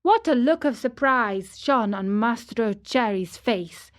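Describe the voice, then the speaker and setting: A woman reading a fairy tale aloud clearly and deliberately for English learners. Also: a little high. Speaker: storyteller.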